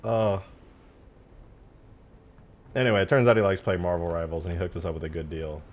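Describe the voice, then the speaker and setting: A man's voice: low-pitched, steady tone, a little fast. A man in his twenties chatting casually on a live stream, rambling and swearing through slangy stories. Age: 20s. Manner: rambling, profane storytelling with slang.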